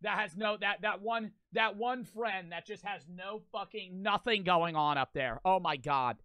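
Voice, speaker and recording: A man's voice: high-pitched, a little slow, bright, forceful tone, no echo. A young man streaming a reaction video, with profane, mocking, rambling commentary.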